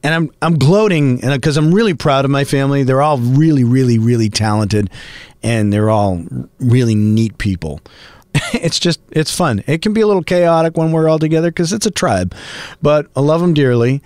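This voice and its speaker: A middle-aged man hosting a podcast, talking in a chatty, rambling, animated way. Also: medium pitch, normal speed, no room sound. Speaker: podcast host and voice actor. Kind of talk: casual podcast monologue.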